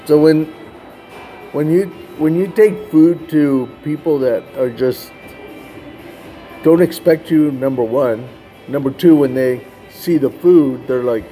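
A man's voice: fairly high pitch, takes it slowly, mellow, faint music behind. A man telling a personal faith testimony in a casual way, often tagging sentences with "man". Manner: casual, ends phrases with "man". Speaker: Christian storyteller.

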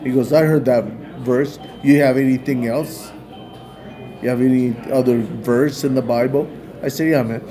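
A man's voice: mid-range voice, fairly even intonation, normal speed, hardly any pauses, warm tone, faint music behind. A man casually retelling a story in a loose, rambling way, peppered with "man" and "like". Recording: busy crowd chatter behind.

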